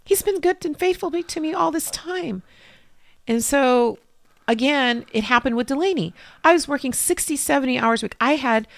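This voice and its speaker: Emotional storytelling woman, gravelly edge. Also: sits high, normal speed, dry recording. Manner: emotional storytelling, acting out dialogue. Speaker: interview guest. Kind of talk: personal faith story in conversation.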